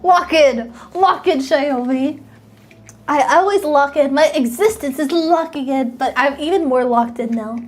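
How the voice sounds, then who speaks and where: A woman's voice: sits high, a little slow, a little mellow. A woman streamer chatting casually and playfully with her live chat, thanking viewers and cheering them on. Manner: bubbly, playful, reads and thanks chat, sometimes squeals.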